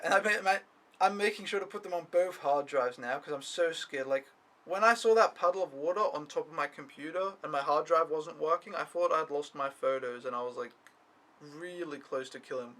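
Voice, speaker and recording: A man's voice: on the high side, normal speed, a bit bright, rough recording. A young man talking to camera in a rambling, complaining vlog recap, swearing often. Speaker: au pair vlogger. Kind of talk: casual weekly recap vlog.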